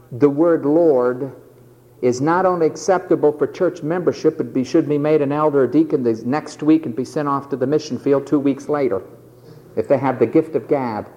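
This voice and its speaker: A man's voice: a little high, moderate pace, darkish tone, big-room sound. A man preaching a sermon in an emphatic, dramatic way, acting out the voices he quotes.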